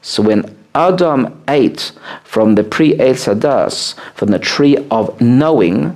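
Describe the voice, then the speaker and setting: A rabbi teaching a small live group, explaining ideas with animated, swooping emphasis and many "uh" fillers. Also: male voice, slow. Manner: animated, swooping pitch on key words, frequent "uh" fillers. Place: room with a small seated group.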